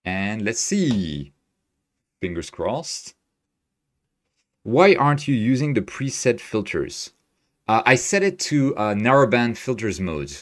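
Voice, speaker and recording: A man's voice: mid-range voice, very animated, takes it slowly, pauses often. A man hosting a live astrophotography stream, thinking aloud as he works and cheerfully answering viewers' chat. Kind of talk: live-stream screen tutorial, reading chat. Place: home desk, Tokyo.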